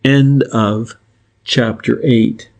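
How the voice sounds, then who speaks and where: A man narrating a classic crime novel as an audiobook, in a measured, even storytelling manner. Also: mid-range voice, vocal fry.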